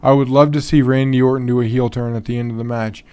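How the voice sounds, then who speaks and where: A man's voice: mid-range voice, steady tone, quick pace, mellow, smooth. A man hosting a podcast on his own in a casual, rambling way, full of ums and restarts, yawning and tired. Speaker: podcast host. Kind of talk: casual solo podcast talk.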